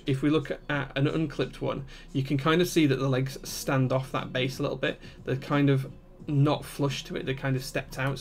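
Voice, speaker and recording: Slight background noise accompanies a man with a mid-range voice as he hosts a live stream. He goes through a build one step at a time, methodically, and reads out and responds to chat.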